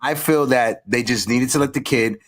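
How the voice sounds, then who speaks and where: A man hosting a casual live-stream sports chat, giving shout-outs, repeating himself and greeting guests. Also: medium pitch, moderate pace. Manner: hypes people up, shout-outs, repeats phrases. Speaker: host.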